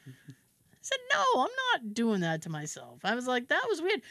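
Animated podcast host woman, lively pitch. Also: moderate pace, vocal fry, no room sound. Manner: animated storytelling, acts out quotes, laughs often, swears. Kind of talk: casual chat.

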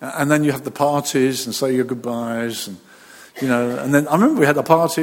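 Man, pastor, sermon, animated, acts out voices, husky, long hall reverb. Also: mid-range voice, fast talker.

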